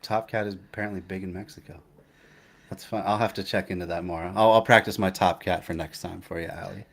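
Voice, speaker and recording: Low-voiced rambling male streamer. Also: steady tone, gravelly, a bit bright. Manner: rambling, halting, with many restarts and fillers. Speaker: livestream host. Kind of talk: casual live-stream chat.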